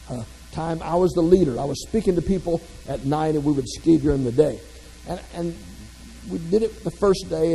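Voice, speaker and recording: Give me a man with a slightly higher, gravelly voice telling self-deprecating stories. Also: mellow, long reverb tail, slight background noise, poor audio. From American South. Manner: folksy, self-deprecating humor. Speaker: motivational speaker. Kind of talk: humorous keynote storytelling.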